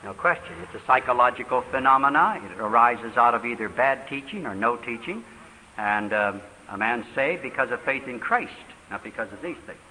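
An older man preaching in a question-and-answer session at a church, talking quickly with fervent emphasis. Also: mid-range voice, expressive, pushed and bright. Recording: reverberant hall, faint hiss.

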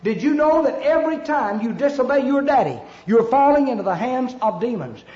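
A man's voice: extremely high pitch, animated, fairly quick, a little mellow. A man preaching an emphatic revival sermon, telling a story with a repetitive, pleading cadence to his congregation. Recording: echoey lo-fi church recording.

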